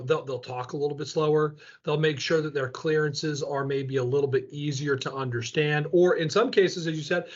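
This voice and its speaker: A man's voice: a little high, breathy edge, muffled recording. A man hosting an interview on flight training, explaining things in a casual, rambling way and asking questions. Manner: rambling, thinks aloud with restarts. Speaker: flight school host.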